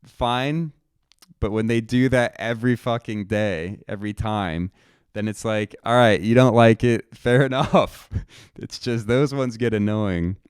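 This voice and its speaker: A young man tells a story in a loose, rambling monologue, quoting himself and dropping curses as he goes. His voice sits on the low side. The sound is very clean and dry, with no room around it. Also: darkish tone, smooth, no echo. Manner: rambling, swears casually, quotes himself. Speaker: podcast host telling a personal story. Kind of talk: casual monologue.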